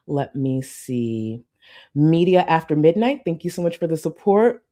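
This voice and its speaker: A woman's voice: low voice, big pitch swings, unhurried, mellow. A woman from Houston, Texas, chatting playfully as a live streamer and thanking viewers for super chats, laughing often and using slang. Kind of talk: casual livestream chat reading super chats.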